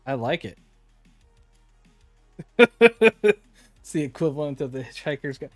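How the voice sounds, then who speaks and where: A man's voice: mid-range voice, quick pace, darkish tone, no echo, clean studio sound, soft background music. A man streaming live, opening card packs and chatting casually with his viewers. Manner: chatty, reads card names aloud, talks to chat.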